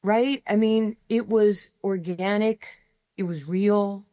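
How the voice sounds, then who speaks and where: A woman in her sixties, a guest telling personal stories in an emphatic way, speeding up in quick bursts. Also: mid-range voice, steady tone, dark tone, no echo. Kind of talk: animated personal storytelling.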